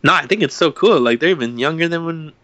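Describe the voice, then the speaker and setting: Fast, bright and forceful, the high-ish voice of a young podcast co-host comes through with no room sound. Chatting casually, he rambles through a story, swears without restraint and voices the quotes himself.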